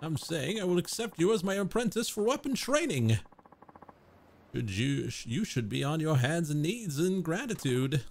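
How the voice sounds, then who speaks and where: A preening, self-styled nobleman of thirty-five, put on by a man reading a game aloud. He stretches out his words in a slow, grandiloquent way and lets his voice swoop high and low. The whole performance drips with disdain. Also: sing-song, slight background noise. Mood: haughty. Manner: grandiloquent, drawn-out theatrical delivery.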